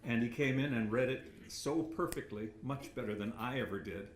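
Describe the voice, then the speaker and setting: A man's voice: medium pitch, normal speed. An older man, a retired sportscaster, giving a rambling, self-deprecating acceptance speech with many anecdotes and chuckles at a podium microphone. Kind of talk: after-dinner acceptance speech. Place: banquet hall. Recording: echoey hall with faint room noise.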